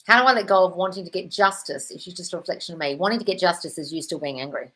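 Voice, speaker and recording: A manifestation coach with a slightly low, a bit bright voice hosts a live Q&A stream, talking very fast over poor audio. She answers viewer comments effusively and frankly, calling everyone darling, and occasionally bursts into sweary, squealing praise.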